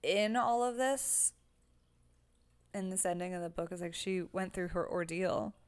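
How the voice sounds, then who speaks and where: A woman's voice: lowish voice, a little slow, clean tone, no room sound. A young woman co-hosting a casual book podcast, talking loosely with lots of fillers. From Los Angeles area. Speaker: podcast co-host. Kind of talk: casual chat.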